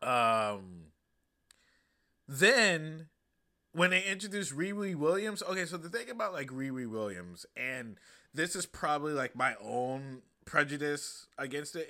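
A man hosting a podcast, reviewing a movie in a loose, profane, animated way. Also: a little high. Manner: loose, profane and animated, acting out quoted lines. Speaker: podcast host. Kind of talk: casual comedic movie review.

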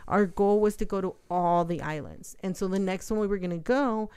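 Smooth-voiced young woman telling a story. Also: medium pitch, a little fast. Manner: animated storytelling, heavy swearing. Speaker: podcast co-host. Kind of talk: casual chat.

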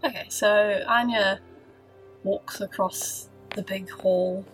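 A woman playing her character in a tabletop game, casual and quick to laugh. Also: medium pitch, fairly even intonation, a bit bright, faint music behind, rough recording. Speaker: player.

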